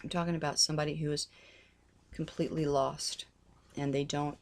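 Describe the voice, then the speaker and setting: A woman's voice: low voice, flat delivery, brisk. Earnest middle-aged woman, pleading and repetitive. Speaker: religious vlogger. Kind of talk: heartfelt personal talk.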